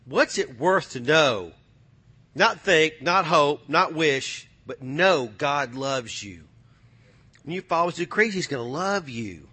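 A male pastor preaching a sermon with call-and-response, folksy speech, swinging from soft to loud. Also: a little high, expressive, slow pace, husky. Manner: folksy, drawls phrases like y'all and ain't.

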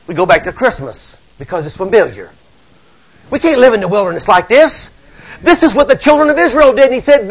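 High-voiced fiery male preacher. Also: lively intonation, a little fast, husky, low-quality recording. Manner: fiery, asks the congregation rhetorical questions; mixes scripture reading with folksy asides. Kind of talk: sermon.

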